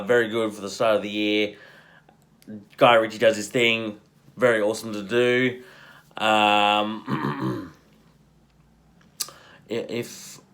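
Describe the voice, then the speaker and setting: A man talking through a film review in an offhand, rambling way. He trails off and restarts, stacks up fillers, and drops swear words without a pause. His level jumps between loud and quiet, and he laughs often. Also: on the low side. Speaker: movie reviewer. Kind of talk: casual spoken film review.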